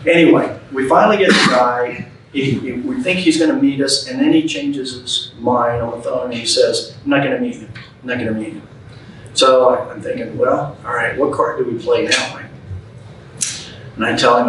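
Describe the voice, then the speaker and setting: A medium-pitched, somewhat bright male voice carries a little hiss or hum, recorded in an echoey room with the speaker far from the mic. He is a guest speaker addressing a club, telling a story in a plain, folksy way and acting out the quoted lines.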